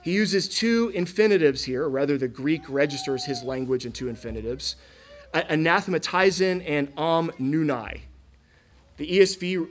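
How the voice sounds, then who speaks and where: A man's voice: on the high side, moderate pace. A man from Florida preaching a sermon in a casual, conversational way, often asking the listeners questions. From Florida, USA. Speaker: pastor.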